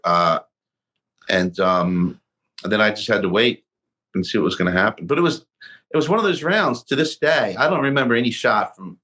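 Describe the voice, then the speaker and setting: Middle-aged man, guest storyteller; animated, plays out the dialogue of his own anecdote. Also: lowish voice. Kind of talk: casual storytelling interview.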